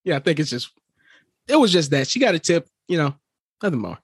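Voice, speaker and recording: A man with a fairly high, husky voice co-hosts a casual podcast. He answers in short, dry quips and brief opinions. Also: very animated, brisk. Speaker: podcast co-host. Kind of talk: casual recap chat.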